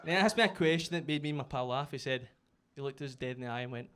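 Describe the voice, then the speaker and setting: A Scottish man doing a chatty, self-mocking stand-up routine on a comedy club stage, bursting into shouted punchlines. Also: medium pitch, quick pace, slight background noise. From Scotland.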